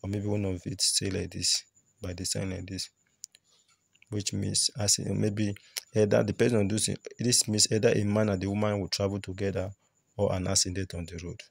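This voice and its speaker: Gravelly low man explaining. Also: little pitch movement, normal speed, no room sound. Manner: repetitive, explanatory, pointing at shells. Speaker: spiritual teacher. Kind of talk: demonstrating cowrie reading.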